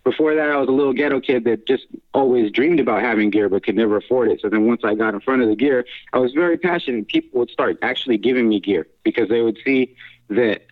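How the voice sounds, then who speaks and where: A man's voice: medium pitch, fast. A man, a house music DJ and producer, telling his story as an interview guest in a rambling, laughing way with many restarts. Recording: tinny phone-like line.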